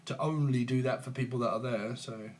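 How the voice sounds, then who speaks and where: Slight background noise sits under this mid-range, fairly even voice, which runs a little fast. He's a tarot channel host from England in his 40s, chatting with viewers on a casual phone live stream in a teasing, jokey manner with frequent chuckles.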